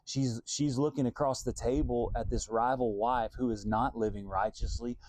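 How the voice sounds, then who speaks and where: A man's voice: medium pitch, steady tone, moderate pace, a little mellow, a little hiss or hum. A man, a Christian singer-songwriter, giving an earnest, reflective devotional talk and thinking aloud as he goes.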